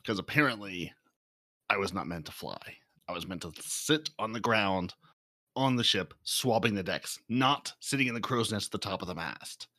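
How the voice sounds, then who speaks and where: A man's voice: on the low side, expressive, normal speed, bright, forceful tone, no echo, studio quality. A man co-hosting a podcast, teasing his friends and slipping pirate slang into casual chat. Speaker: podcast co-host.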